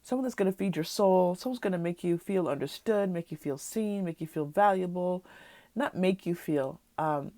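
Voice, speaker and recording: A woman with a stuffy, nasal voice from a cold, giving a gentle, reassuring pick-a-card tarot reading. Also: lowish voice, normal speed, dry recording. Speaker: tarot reader.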